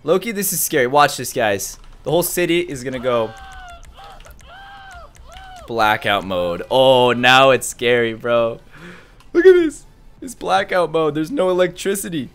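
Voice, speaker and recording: A young man giving excited live commentary as he streams a game, jumping from mumbling to shouts and laughter. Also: medium pitch, unhurried, clean tone.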